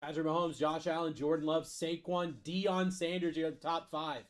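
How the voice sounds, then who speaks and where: Man, card break streamer, fairly high voice, hypes picks, casual live chat. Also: level tone, moderate pace. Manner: calls out picks, hypes spots.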